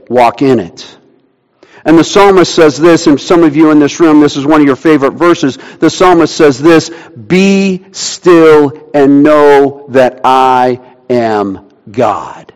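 A man preaching an earnest sermon, slowing down to read scripture aloud. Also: a little high. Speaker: pastor. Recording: long reverb of a church hall.

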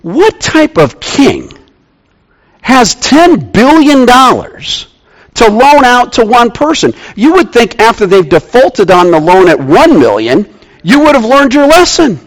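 A man preaching a sermon to his congregation, emphatic and repeating key phrases, sometimes dropping to a quiet, slow delivery. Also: extremely high pitch, very animated. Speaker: pastor. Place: church sanctuary with congregation.

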